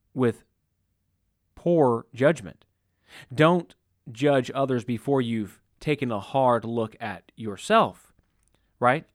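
A man with a mid-range voice gives an informal sermon in a conversational, animated way, acting out little scenes and quotes. He repeats himself and restarts often. The recording is studio quality, with no room sound.

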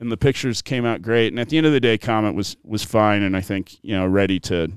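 A man telling a story in casual chat, animated and swearing freely, laughing as he goes. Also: fairly low pitch, fast talker, clear, resonant tone, dry recording, studio quality. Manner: animated, profane, laughs through his story.

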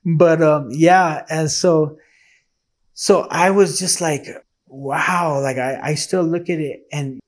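Man, fairly high voice, earnest, emotional, casual testimony, acts out quoted dialogue. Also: fairly even intonation, slow. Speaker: man sharing his faith testimony.

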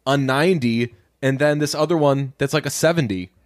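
A man's voice: medium pitch, brisk, dry recording, clean studio sound. A man co-hosting a podcast in casual chat, jokey and given to acting out mocking voices. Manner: jokey, acts out mocking voices in animated bursts. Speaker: podcast co-host.

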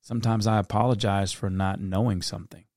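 A middle-aged man hosting a reflective solo podcast, talking earnestly in a storytelling way that turns soft-spoken at times. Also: fairly low pitch, steady tone, fairly quick, no room sound, clean studio sound. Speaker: podcast host.

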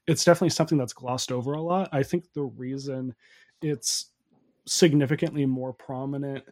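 A man from the Northwest, talking casually and haltingly with many "like" fillers. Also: medium pitch, steady tone, darkish tone. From Pacific Northwest, USA. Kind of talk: casual podcast chat.

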